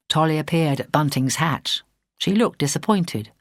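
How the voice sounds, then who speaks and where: A woman narrating a story in a measured way, her fairly low voice rising and falling with lively expression. She is recorded close to the mic, and the sound is completely dry, with no room echo. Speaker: audiobook narrator. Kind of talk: scripted narration.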